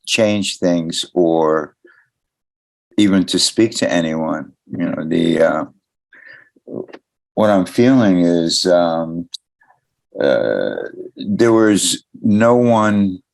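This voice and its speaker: Deep gravelly guy in the audience, super slow, lots of uhs and pauses. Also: lively intonation, rough recording. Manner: halting, many pauses and fillers. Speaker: audience member sharing.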